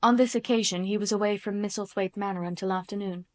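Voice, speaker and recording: A woman reading a classic novel aloud in a measured audiobook narration. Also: mid-range voice, fairly even intonation, dry recording. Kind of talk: scripted narration.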